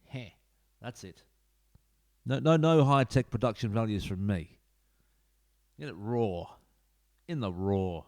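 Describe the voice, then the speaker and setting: A man talking through a football management game in a loose, rambling way, full of asides and quick self-corrections. His voice sits a little low. He speaks into a desk mic at home. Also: expressive, darkish tone. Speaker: gaming YouTuber. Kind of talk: casual let's-play commentary. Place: home room. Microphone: desk mic into computer.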